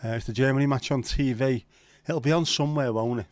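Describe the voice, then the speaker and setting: Bloke chatting away on a live stream, saying hi to everyone by name, dry close mic, mid voice. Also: male voice, medium pitch, quick pace, dry recording. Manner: chatty, greets viewers by name, jokey. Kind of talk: casual watch-along chat.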